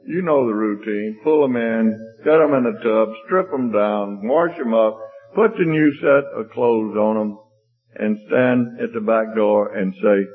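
A man with a fairly low voice preaches at a slightly slow pace, his cadence emphatic and repetitive. He tells a homespun story, then leads a prayer. His husky voice comes over a tinny, phone-like line with faint music behind it.

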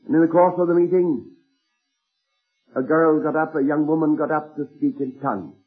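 Husky guy preaching, telling stories one after another, sounds like an old tinny tape. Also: fairly high pitch, fairly even intonation. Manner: earnest anecdotal retelling with slowed emphasis. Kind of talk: sermon storytelling.

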